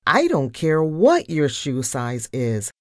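Lady reading fussy mouse editor guy from a kids book, exasperated, lowish and slow, super dry close sound. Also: wildly swooping pitch, no echo, heavily acted. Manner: exasperated, flustered. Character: fussy grown male mouse newspaper editor.

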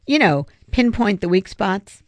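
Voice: mid-range voice, animated, a little slow, no room sound, pitched above the performer's own voice, natural voice. A reader voicing an eager, determined boy who pleads and insists on his plan, in an audiobook. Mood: insistent. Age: young boy. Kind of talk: audiobook character voice.

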